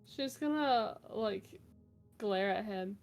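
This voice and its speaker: A woman's voice: medium pitch, takes it slowly, soft background music. A woman playing a tabletop game, talking casually with many laughs and fillers. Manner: giggly, casual, lots of fillers. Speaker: player.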